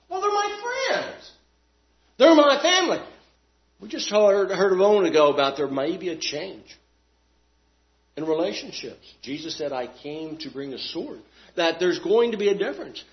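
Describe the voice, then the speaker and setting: Male preacher, somewhat high voice, emphatic and rhetorical, dull lo-fi recording. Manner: emphatic, rhetorical questions, swings loud and soft. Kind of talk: sermon. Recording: dull lo-fi sound.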